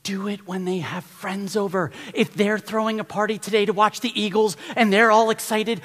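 A middle-aged man preaches from the pulpit in a slightly high voice, exhorting his listeners and hammering points home by repeating them. His words ring out with the long reverb of a large hall. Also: fairly quick, breathy edge. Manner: animated, exhorting and repeating for emphasis. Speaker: pastor. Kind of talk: sermon.

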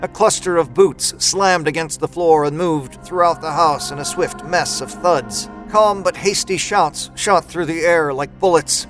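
A man narrating a horror story in a measured, dramatic storytelling manner. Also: fairly high pitch, fairly bright tone, rough recording. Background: music score.

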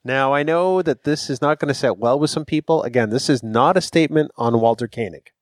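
A man's voice: mid-range voice, a little fast, no room sound. Wry man with blunt opinions. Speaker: podcast co-host. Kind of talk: casual fan discussion.

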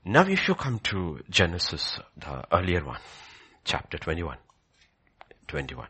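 A man preaching a sermon, swinging from loud, high emphatic lines to soft near-whispers. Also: huge pitch swings, unhurried, husky.

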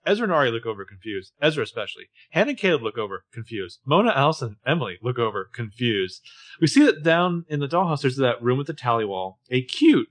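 A man co-hosting a podcast, recapping a TV episode with jokey, animated commentary. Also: mid-range voice. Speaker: podcast co-host. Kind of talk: casual chat.

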